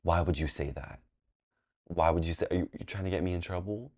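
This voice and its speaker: A man's voice: deep voice, fairly quick, darkish tone, no echo, studio quality. A man quoting a stern, cold math teacher. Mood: accusing. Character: strict, cold female middle-school math teacher.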